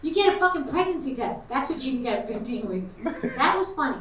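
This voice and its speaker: Her voice is high, sing-song and fast, heard over heavy background noise as this middle-aged comic works through a crude, brash routine in a small club, cracking up at her own jokes. Loud audience laughter fills the echoey room, captured from a distance.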